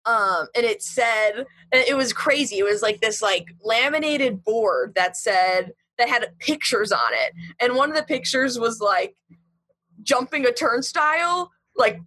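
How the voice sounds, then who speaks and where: Bright, breathy-voiced woman telling a story. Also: on the high side, a little slow, no echo. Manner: chatty, heavy with "like" and "um"; animated retelling. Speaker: podcast guest. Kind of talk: casual storytelling.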